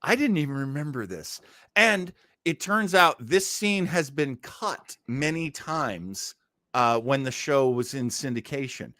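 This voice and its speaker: Brief: bright, lively-voiced man co-hosting a chatty review podcast, acting out bits as he retells. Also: medium pitch, a little slow, no echo, studio quality. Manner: animated, retells scenes with acted-out quotes. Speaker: podcast co-host. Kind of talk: casual episode review chat.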